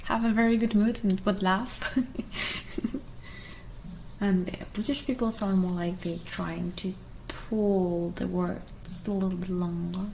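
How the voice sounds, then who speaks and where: A young woman with a German accent and Russian as her first language, soft and hesitant in a whispered ASMR Q&A. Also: mid-range voice, fairly even intonation, creaky, a little hiss or hum, poor audio. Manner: soft, hesitant, many pauses. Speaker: ASMR creator.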